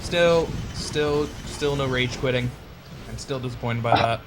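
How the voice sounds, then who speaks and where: A man's voice: medium pitch, unhurried, crowd noise. A young man casually commentating a video game match, sardonic and profane. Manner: sardonic, profane, laughs often. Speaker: esports commentator.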